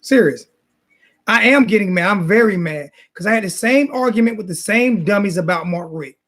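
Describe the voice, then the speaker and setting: A man's voice: high-pitched, expressive, normal speed, fairly bright tone. Fired-up man ranting about football. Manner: repetitive, insulting, fired-up ranting. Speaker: sports talk show host. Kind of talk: heated casual sports rant.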